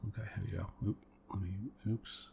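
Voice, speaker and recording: A deep-voiced man talks quietly as the host of an ASMR gaming session. He meanders through a long story with soft chuckles and many fillers, close to a desktop mic. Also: steady tone, fairly quick, creaky, background noise. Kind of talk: soft-spoken ASMR let's play chat.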